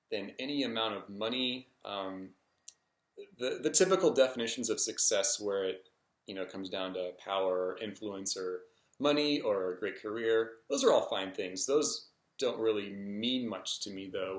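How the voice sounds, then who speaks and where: Man, low voice, casual vlog, hesitant, many ums, echoey room. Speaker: vlogger. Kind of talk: rambling personal story to camera.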